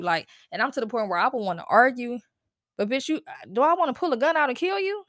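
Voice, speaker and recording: A woman's voice: fairly high pitch, animated, fast, a bit bright, no room sound, studio quality. Blunt, profane woman ranting on a podcast. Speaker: podcast host. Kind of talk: casual solo podcast rant.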